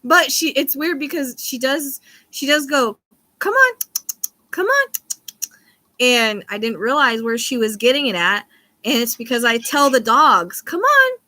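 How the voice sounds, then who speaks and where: A woman's voice: fairly high pitch, normal speed, sharp tone, no room sound. A woman in her thirties chatting casually on a livestream, rambling and swearing now and then. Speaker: livestream host.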